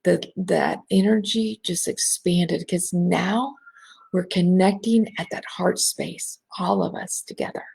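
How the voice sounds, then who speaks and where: A woman hosting a live online session from home. She talks in a bubbly way, laughs often, speaks straight to her listeners and slows to a soft voice when guiding a breathing exercise. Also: fairly low pitch, fairly even intonation, vocal fry, slightly rough. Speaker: host of an online women's gathering. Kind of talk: live-streamed coaching talk with guided breathing.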